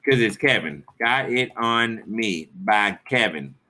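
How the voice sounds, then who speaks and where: Very bright-voiced, crude streamer man. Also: on the low side, lively intonation, slow. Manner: rambling, crude and profane. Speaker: live streamer. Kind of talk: casual live-stream chat.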